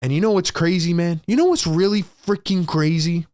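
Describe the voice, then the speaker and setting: Excitable man on a live sports stream. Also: high-pitched, normal speed, no room sound. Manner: emotional, swings between hyped shouting and frustrated muttering; repeats lines for emphasis. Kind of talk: live play-by-play reaction stream.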